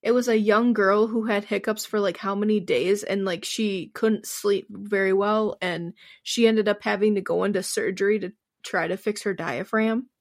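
A woman's voice: mid-range voice, steady tone, moderate pace, hardly any pauses, dry recording, studio quality. A young woman co-hosting a podcast in casual chat, talking freely, laughing often and swearing now and then. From Wisconsin. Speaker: podcast co-host.

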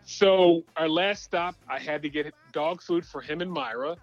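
A man telling a personal story on a sports podcast, animated but halting, with many uhs and restarts. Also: on the high side, no room sound, highs cut off, faint music behind. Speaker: regular guest co-host. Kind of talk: casual storytelling.

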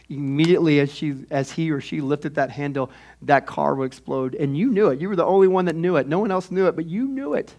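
A man preaching a sermon as pastor, shifting between loud exhortation and hushed, intimate asides. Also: high voice. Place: church sanctuary.

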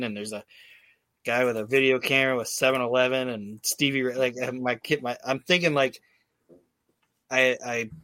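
A man's voice: mid-range voice, a bit bright, dry recording. A man hosting a casual podcast, telling a rambling, profane story with lots of fillers and restarts. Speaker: podcast host. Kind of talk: casual recap chat.

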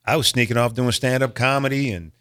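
A man's voice: medium pitch, brisk, clean tone. A middle-aged man, an actor and comedian, telling stories in a casual interview and acting out other people's voices with frequent laughs. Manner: animated storyteller acting out voices, laughs often.

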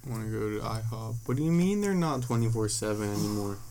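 A man's voice: lowish voice, animated, quick pace, darkish tone, slight background noise, low-quality recording. A young man hosting a casual podcast, telling rambling stories and swearing a lot. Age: young adult. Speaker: podcast host.

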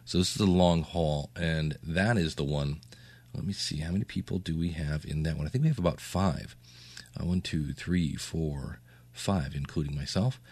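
A man with a very deep, low voice hosts a casual podcast update. He rambles in a chatty way with asides. The sound is dry and close. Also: normal speed, darkish tone, breathy edge, dry recording. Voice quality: low morning voice. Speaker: podcast host.

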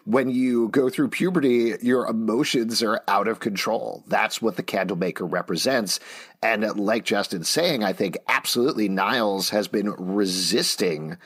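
A man's voice: fairly low pitch, moderate pace, a bit bright, slightly rough. A man co-hosting a TV recap podcast, mixing wry asides with earnest analysis. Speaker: podcast co-host. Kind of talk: casual TV recap chat.

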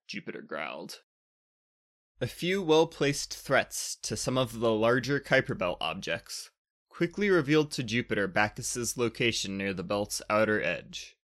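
Storyteller host: man, mid pitch, bright voice, steady expressive narration. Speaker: podcast storyteller.

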